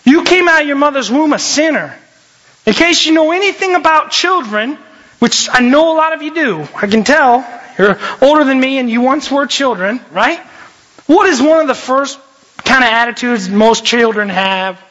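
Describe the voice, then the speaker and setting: High-voiced, animated young man preaching. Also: normal speed. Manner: animated, jokey, shifts voices often. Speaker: youth pastor preaching. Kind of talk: lively sermon. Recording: dull lo-fi recording.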